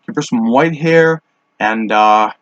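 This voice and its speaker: A man's voice: medium pitch, slow, fairly bright tone, no room sound. A man rambling casually through a solo monologue, offhand and full of fillers and restarts, smoking as he talks. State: smoking while talking. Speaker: podcast host. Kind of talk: casual monologue on fan casting. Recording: dull, dry lo-fi home mic.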